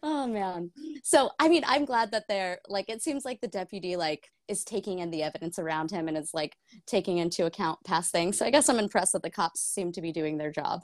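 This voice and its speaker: A woman's voice: lowish voice, brisk, no echo, studio quality. A young woman co-hosting a book club podcast, candid and laughing often, swearing casually. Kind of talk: casual chat.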